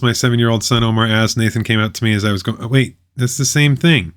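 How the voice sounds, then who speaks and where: A man's voice: medium pitch, fairly quick, creaky, a bit bright. A man reading a web page aloud and commenting on it, with sarcastic, mocking asides.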